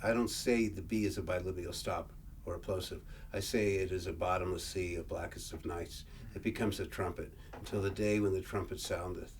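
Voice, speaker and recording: A man presenting a workshop, reading old verse aloud and explaining it in a halting way, often repeating and restarting words. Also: sits low, fairly even intonation. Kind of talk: lecture reading and explaining scripture. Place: workshop room. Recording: distant mic, faint room noise.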